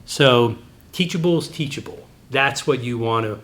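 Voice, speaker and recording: Animated middle-aged man telling stories. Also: normal speed. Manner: animated, digressive storytelling with sudden pitch jumps. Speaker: Christian apologetics teacher. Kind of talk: teaching talk with personal stories.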